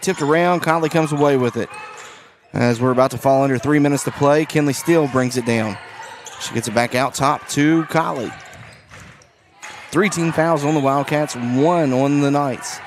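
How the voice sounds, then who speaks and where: A man with a hoarse, raspy voice calling a high school basketball game live from a school gym, mixing brisk play-by-play with casual asides. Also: slight background noise. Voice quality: raspy, strained voice. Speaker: play-by-play announcer.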